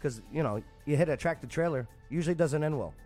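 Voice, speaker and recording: A man's voice: a little high, fast talker, soft background music. A man hosting a morning show, teasing his co-hosts and joking in casual banter. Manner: teasing, animated, jokey.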